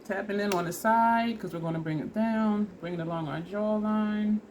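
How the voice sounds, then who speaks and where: A woman's voice: medium pitch, normal speed, a little mellow, a little hiss or hum. A woman vlogger casually talking through a makeup try-on step by step, chatty and laughing at herself, teary and sniffly from allergies. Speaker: beauty vlogger.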